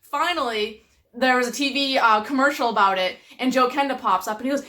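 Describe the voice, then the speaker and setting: A woman's voice: a little high, a little fast, sharp tone. A woman telling stories casually to camera, chatty and exasperated, with lots of "like". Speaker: vlogger.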